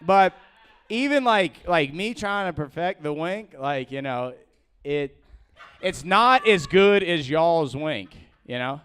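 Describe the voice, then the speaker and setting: A young man doing a rambling, halting open-mic stand-up set, full of fillers and restarts, laughing at his own jokes. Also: fairly high pitch, animated, fairly bright tone, a little hiss or hum. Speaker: stand-up comedian.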